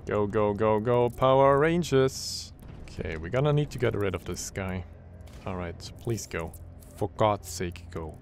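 A man giving horror game let's play commentary, excitable and jokey, swearing often. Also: fairly low pitch, moderate pace, a little hiss or hum. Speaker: gaming channel host.

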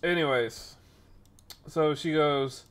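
A man's voice: a little high, slow pace. Brief: young male streamer, chatty storyteller, does voices for the people in his anecdotes. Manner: animated, acts out quoted people. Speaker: streamer and podcast host. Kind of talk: casual storytelling chat.

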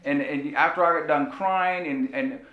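A man's voice: moderate pace, highs cut off. Man preaching in an echoey church. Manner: impassioned storytelling preaching with repeated phrases. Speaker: pastor. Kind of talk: sermon. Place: church sanctuary. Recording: echoey church room with faint rumble.

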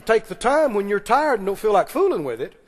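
A man preaching a sermon, calling on the congregation to respond and breaking into quick asides. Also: high voice, sing-song. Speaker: pastor. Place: church sanctuary. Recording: long reverb of a church hall.

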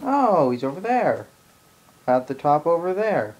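A man's voice: on the high side, very animated, a little slow, darkish tone, poor audio. A man giving live gameplay commentary as a channel host, ranting in exasperated outbursts while annoyed.

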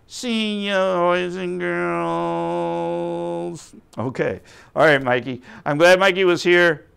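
Kids' church leader, male, patient and coaxing, slightly gravelly voice. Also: medium pitch, a bit bright. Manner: patient, coaxing, talks to a puppet. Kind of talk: puppet skit for children.

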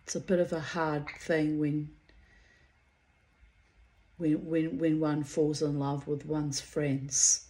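A middle-aged woman talks her way through a personal oracle card reading in a low, deep voice. She speaks slowly and unhurriedly, rambling and repeating words as she goes. She fondly calls her listeners darlings and babies. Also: little pitch movement, mellow. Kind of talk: casual personal reading monologue.

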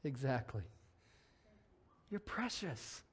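A man preaching a lively sermon as pastor in a church, acting out voices as he goes. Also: mid-range voice, slow, breathy edge. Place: church sanctuary.

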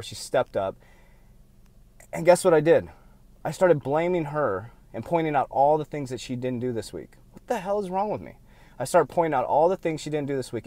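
A man coaching his viewers in a candid vlog, pressing his points with repetition and jumping from loud bursts to hushed confessions. He sounds short on sleep, at a middle pitch. The recording is dry, with no room echo. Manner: emphatic and repetitive, swinging from loud bursts to quiet admissions. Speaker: motivational speaker and success coach.

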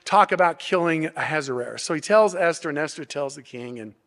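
A man's voice: a little high, lively intonation, brisk, a bit bright. A man pastor preaching an expository sermon, explaining step by step with rhetorical questions and frequent restarts. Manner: frequent restarts and repeated words. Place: church sanctuary. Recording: long hall reverb.

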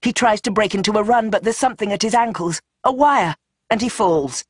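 An audiobook narrator reads with tense drama, rushing through action and slowing into dread. The voice is mid-pitched and the recording is dry and close. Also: dry recording. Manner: tense, dramatic, shifting pace. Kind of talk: scripted narration.

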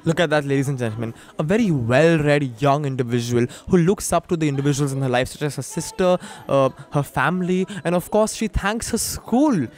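A man's voice: a little high, brisk, hardly any pauses, a little mellow. A young man, hosting interviews in a theatrical showman style and turning to the audience often. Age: young adult. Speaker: host interviewing contestants.

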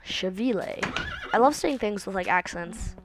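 A woman's voice: medium pitch, animated, moderate pace, background noise. A teenage girl chatting casually while playing a video game, rambling and jumping from topic to topic in a silly, offhand way, recorded on a computer mic. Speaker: gaming video host. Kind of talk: casual let's-play commentary. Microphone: computer mic, voice set low. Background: game sounds from the video game.

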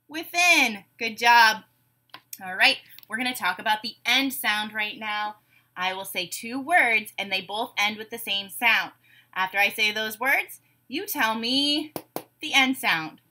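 Slow, bright-voiced woman teacher. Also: medium pitch, expressive. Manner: slow, drawn-out words with upbeat praise. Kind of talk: phonemic awareness lesson for young children.

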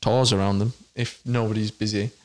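A man co-hosting a podcast, chatting casually and chiming in with quick quips. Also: lowish voice, little pitch movement. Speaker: podcast co-host. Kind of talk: casual chat.

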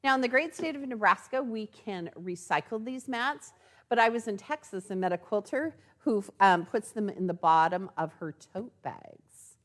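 During a live demo in a sewing store, this woman keeps things chatty and animated, frequently adding "okay?" to check in with listeners. Her voice is mid-range and her speed normal.

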